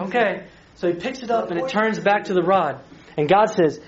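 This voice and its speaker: A man's voice: sits high, moderate pace. A man, a youth pastor, retells a Bible story in a chatty, playful sermon and asks his listeners questions. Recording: slightly dull recording with faint hiss.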